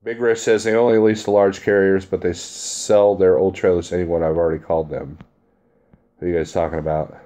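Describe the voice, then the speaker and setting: A man's voice: low voice, steady tone, a little fast, mellow. A man who drives a truck, chatting casually on a live stream and reading out viewer comments in a blunt, chummy way, laughing easily.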